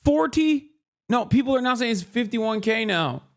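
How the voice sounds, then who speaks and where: A man's voice: very high voice, animated, moderate pace. A man hosting his show, ranting with profanity and mocking the voices of others. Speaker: streamer and show host. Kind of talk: ranting commentary.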